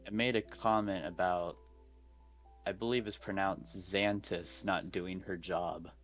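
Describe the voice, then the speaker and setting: Low voiced guy, tabletop player, chill and chatty about his character, faint music underneath. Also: steady tone, a little slow, rough recording. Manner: casual, talks through his character's feelings with frequent "like". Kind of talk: describing his character's actions in a tabletop game.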